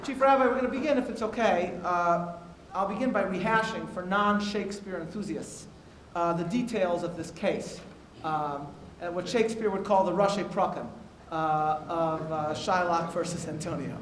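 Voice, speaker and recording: Male moderator, higher voice, reading prepared notes with "uh" fillers; roomy hall sound. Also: moderate pace. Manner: reads quotes aloud with frequent "uh" fillers. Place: university auditorium. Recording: echoey hall with faint noise.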